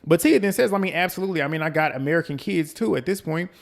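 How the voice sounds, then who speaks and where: A man's voice: a little high, very fast, vocal fry. Chatty Southern man recapping gossip. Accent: Southern US, North Carolina. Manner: chatty, gossipy, quotes the cast in lively bursts. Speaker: reality TV recap host. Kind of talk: casual recap and commentary.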